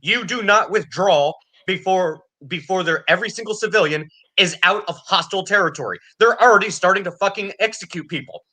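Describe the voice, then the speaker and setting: A man's voice: sits high, a little fast, few pauses, bright, forceful tone. A man ranting angrily and sarcastically about politics, swearing constantly. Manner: angry, profane, sarcastic ranting. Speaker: podcast co-host.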